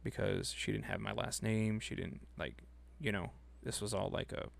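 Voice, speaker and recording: A young man co-hosting a casual podcast chat, talking in a relaxed, laid-back way and swearing casually. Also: lowish voice, moderate pace, gravelly. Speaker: podcast co-host.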